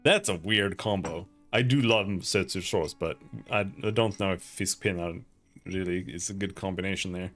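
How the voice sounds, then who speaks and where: A man's voice: deep voice, normal speed, fairly bright tone, faint music behind. A young man with a Swedish accent, chatting casually and rambling on a gaming livestream, swearing now and then. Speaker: streamer.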